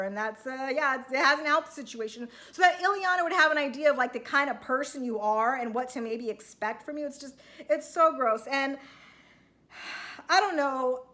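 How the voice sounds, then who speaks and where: A woman with a high, light voice talks straight to her viewers about a reality show. She is chatty and keeps asking whether she is overreacting. She slips into quick acted-out quotes of the people on screen. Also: pushed and bright. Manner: chatty, self-questioning, acts out quotes. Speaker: reality TV recap vlogger. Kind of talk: casual recap monologue to viewers.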